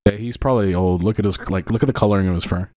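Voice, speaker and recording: A young man co-hosting a podcast in casual chat, quick and laid-back, explaining facts with casual swearing. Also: on the low side, fairly even intonation, mellow, no room sound. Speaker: podcast co-host.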